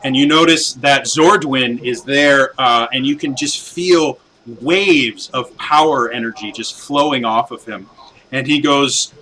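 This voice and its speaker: Bright-voiced man running a tabletop game. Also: mid-range voice, measured pace, low-quality recording. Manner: rambling, full of fillers and restarts. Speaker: game master.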